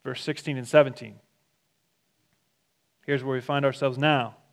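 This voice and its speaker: A man preaching a sermon, reading scripture and retelling it in lively casual paraphrase. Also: medium pitch, unhurried, vocal fry. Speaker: pastor.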